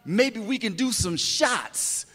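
A menacing bullet mocking its victims in shouted bursts, as a man performs it in spoken word. The voice is very high and bright. It rings through a big reverberant hall with faint music underneath. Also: expressive, takes it slowly, heavily acted. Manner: taunting, declaiming in shouted bursts.

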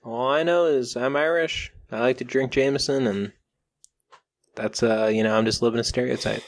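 A man co-hosting a comedy podcast in a mid-pitched, everyday voice. He riffs loosely and jokingly and scatters "like" and "um" through his sentences as he pitches ideas. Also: normal speed. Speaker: podcast co-host. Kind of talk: casual comedic brainstorming chat.

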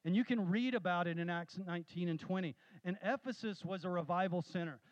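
A man preaching a sermon, telling stories with animated, rising emphasis. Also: high-pitched, a little fast, dry recording, dull audio. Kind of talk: sermon with storytelling.

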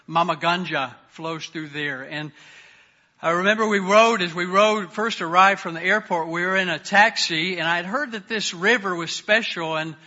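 Earnest high-voiced male preacher. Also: normal speed, dull audio. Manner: earnest, varies loudness, drops soft on prayers. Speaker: pastor. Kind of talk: sermon with scripture reading.

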